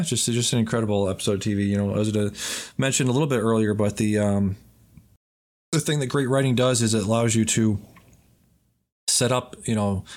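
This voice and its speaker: A man with a fairly low voice hosts a film and TV podcast in a loose, rambling way. He swears freely and chats casually. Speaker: podcast host. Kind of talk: casual chat.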